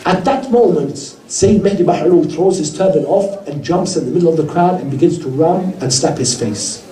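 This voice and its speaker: A man's voice: fairly high pitch, fairly quick. A man giving a religious sermon to a gathering, telling stories earnestly and voicing the people in them. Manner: earnest storyteller, quoting others in lively voices. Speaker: speaker at a mourning gathering. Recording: roomy hall heard from a distance.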